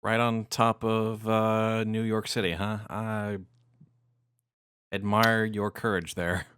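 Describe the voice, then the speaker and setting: A man playing in a tabletop role-play, relaxed and talking loosely with many fillers. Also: on the low side, slow, clear, resonant tone, no room sound. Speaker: player.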